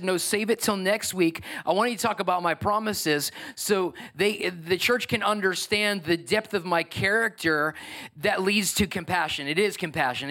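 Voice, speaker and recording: A middle-aged pastor with a high-pitched voice preaches a sermon in a conversational yet emphatic way, swinging between soft and loud.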